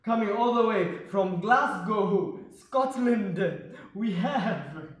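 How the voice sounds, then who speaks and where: A young man from South Africa hosting his vlog in an energetic, playful way. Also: high voice, takes it slowly. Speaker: vlogger. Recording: echoey room.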